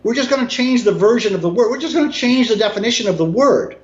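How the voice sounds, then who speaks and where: Emphatic man, voice swinging high and low. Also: expressive, fast talker. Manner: emphatic, swings between low mutters and raised outbursts, swears. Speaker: guest. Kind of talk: casual video call conversation. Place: his apartment. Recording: roomy, dull lo-fi sound.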